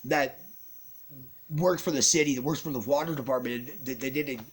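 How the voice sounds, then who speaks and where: A man's voice: medium pitch, moderate pace, a little hiss or hum. A man telling a personal story on camera in an agitated, rambling way, swearing a lot and restarting his sentences. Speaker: vlogger.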